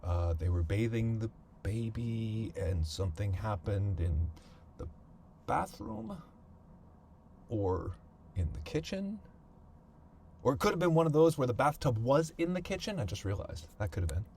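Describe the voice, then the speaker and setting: A man hosting a podcast, telling a personal family story in a halting way, often repeating words and thinking aloud. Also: fairly low pitch, big pitch swings, gravelly, a little mellow, a little hiss or hum. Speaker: podcast host.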